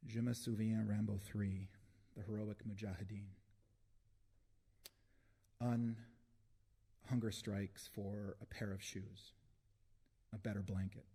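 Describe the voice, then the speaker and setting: A man reading his own poems aloud at a live book launch, with deliberate phrasing and long pauses between lines. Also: on the low side, level tone, gravelly, dark tone, husky. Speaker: poet reading his work.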